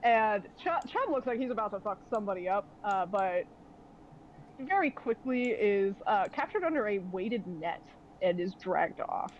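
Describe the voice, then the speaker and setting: A woman's voice: mid-range voice, big pitch swings, moderate pace, slight background noise. A young woman narrating a tabletop game as game master, rambling with many fillers. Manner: rambling, filler-heavy, laughing often. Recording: dull lo-fi audio.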